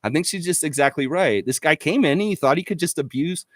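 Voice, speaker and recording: A man's voice: on the high side, quick pace, no room sound, clean studio sound. A man hosting a live stream, ranting with lots of swearing and reading viewer comments aloud. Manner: profane, excitable, reads chat aloud. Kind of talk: casual live-stream rant.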